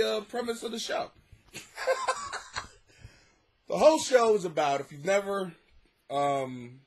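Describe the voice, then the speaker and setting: Lively high-voiced ranting man. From United States. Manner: profane, rambling, laughs often and swings from mutters to near-shouts. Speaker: podcast host, struggling comic. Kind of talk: casual comic monologue. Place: home basement.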